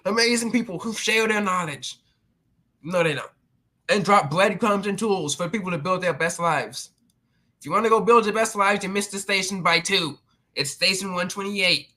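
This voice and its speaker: A man's voice: high voice, moderate pace, sharp tone. A man hosting his own channel, delivering a sarcastic, mocking rant with many restarts. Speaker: channel host.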